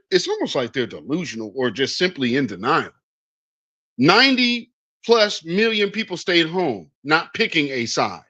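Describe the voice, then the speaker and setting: A man's voice: sits high, pushed and bright. A man hosting political commentary in a blunt, sarcastic, emphatic way, with a dull lo-fi recording. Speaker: news commentary host.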